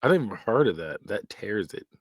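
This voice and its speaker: A man's voice: on the low side, sing-song, fairly quick, dry recording, clean studio sound. A man hosting a podcast, giving casual, joking reaction commentary and laughing often. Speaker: podcast host.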